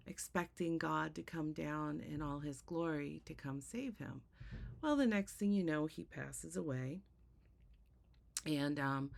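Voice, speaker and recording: A woman's voice: low voice, gravelly. A woman host telling a spiritual parable conversationally, with fillers and rhetorical "right?" asides. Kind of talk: casual spiritual storytelling.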